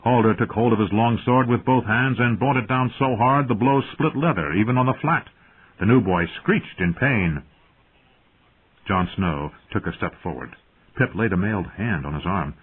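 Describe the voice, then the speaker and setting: A man narrating an audiobook in a measured storytelling manner. His voice is low and husky. The sound is squeezed into a thin, phone-like band. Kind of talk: scripted narration.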